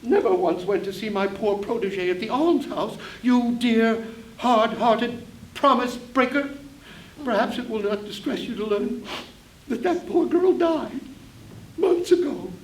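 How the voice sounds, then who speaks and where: A man's voice: very high voice, unhurried. A man on stage putting on the voice of a prim, reproachful elderly aunt in a one-man play, recorded in a roomy hall from a distance. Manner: scolding, prim. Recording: roomy hall, distant mic, faint hiss.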